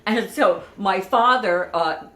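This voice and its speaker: A woman's voice: medium pitch, slow, fairly bright tone. A woman chatting through family memories in a meandering, conversational way, full of asides. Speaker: vlogger. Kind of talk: personal storytelling. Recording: echoey room.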